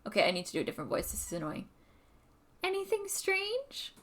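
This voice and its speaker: A woman's voice: fairly low pitch, racing, a bit bright. A young woman streamer giving casual game commentary with chatty, joking asides.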